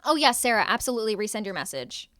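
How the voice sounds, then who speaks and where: A woman's voice: mid-range voice, sing-song, fast, bright, forceful tone, no room sound. A young woman live streaming from home, chatting casually with her viewers and answering their chat with playful sarcasm.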